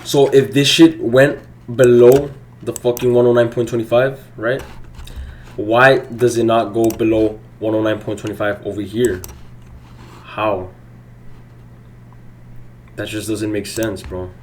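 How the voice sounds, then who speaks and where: A man's voice: on the low side, flat delivery, measured pace, pauses often, a little hiss or hum. Frustrated young man ranting while trading. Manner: frustrated, swearing, swings from mutters to shouts. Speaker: day-trading vlogger. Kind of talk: live streaming commentary.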